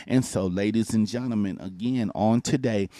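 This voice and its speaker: Male pastor-host, low mellow voice, preachy call and response. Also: normal speed, dry recording, clean studio sound. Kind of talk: motivational talk.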